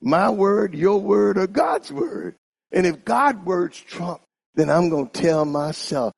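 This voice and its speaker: A man preaching a sermon in an animated style, calling on the congregation to repeat after him. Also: fairly high pitch, a little slow, vocal fry, breathy edge. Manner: animated, call-and-response with congregation.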